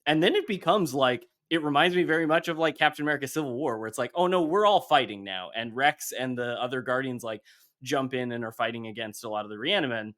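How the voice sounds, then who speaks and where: A man hosts a casual podcast, walking his co-hosts through a comic book storyline with lively energy. He slips into quick bits of dialogue for each character as he goes. His voice sits at an ordinary middle pitch. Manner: animated storytelling, acting out comic dialogue in passing. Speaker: podcast host.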